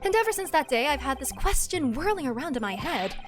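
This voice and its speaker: Woman doing a dramatic young guy from a game, big swoops up and down, kinda high, faint music behind. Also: sing-song, a little fast.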